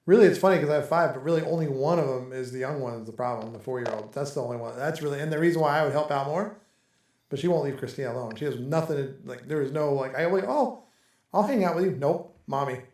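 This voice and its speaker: A man's voice: medium pitch, very fast, darkish tone, reverberant. A man hosting a casual chat among friends, talking in a loose, rambling way and laughing often. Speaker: podcast host. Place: home in Texas.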